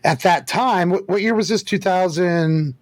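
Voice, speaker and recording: A man's voice: high voice, a little slow, no echo. A man co-hosting a podcast, talking loosely and conversationally about a film. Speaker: podcast co-host. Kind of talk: casual movie discussion.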